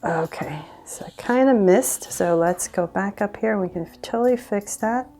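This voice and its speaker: A woman's voice: mid-range voice, a little slow, mellow. A woman hosting a casual drawing tutorial, chatty and giggly, often saying um and poking fun at herself. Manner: chatty, giggly, self-deprecating, many ums.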